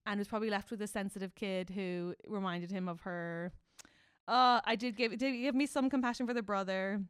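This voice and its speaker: A woman's voice: mid-range voice, smooth, dry recording. A woman co-hosting a podcast, chatting casually and acting out scenes in quoted voices. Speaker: podcast co-host. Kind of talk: casual chat. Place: studio. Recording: dry studio sound.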